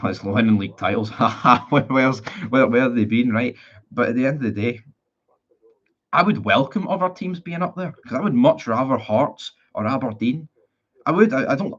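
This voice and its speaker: A man's voice: mid-range voice, breathy edge. Man, 20s, Northern Irish accent, casual live-stream chat, rambling, blunt, swears, muffled lo-fi sound. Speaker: football fan streamer. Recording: dull lo-fi sound.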